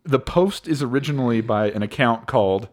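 Male podcast host, chatty and jokey, quick to laugh. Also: mid-range voice. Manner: jokey, laughs often while reading aloud. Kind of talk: casual podcast chat.

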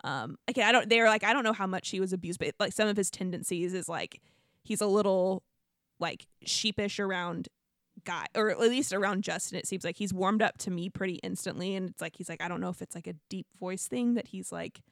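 A woman's voice: medium pitch, fairly quick, fairly bright tone, no echo. Chatty woman podcast host, dry sound. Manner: chatty storyteller, quotes others, laughs often. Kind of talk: casual chat.

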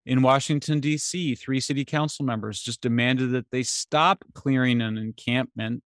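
A man speaking as an author guest in a casual interview, animated and getting exasperated at times. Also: mid-range voice, moderate pace, clear, resonant tone, no echo, clean studio sound. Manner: animated, voice jumps up when exasperated.

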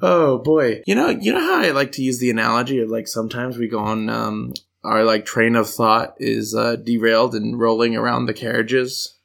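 A man's voice: mid-range voice, normal speed, gravelly, hardly any pauses, fairly bright tone. A man with an American accent, co-hosting a podcast in casual, playful chat and telling rambling stories. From United States. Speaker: podcast co-host.

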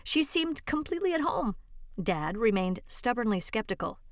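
A woman with a fairly high voice reads a true-life story aloud at a steady pace. She lifts her pitch for quoted speech and drops it for the tags after. The recording is close and dry, with no room sound. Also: moderate pace, no echo. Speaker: volunteer reader. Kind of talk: read-aloud story narration.

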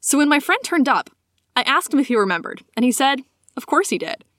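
A woman co-hosting a casual podcast, reading listener stories aloud with a giggly, animated manner. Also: sits high, a little fast, no room sound, studio quality. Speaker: podcast co-host.

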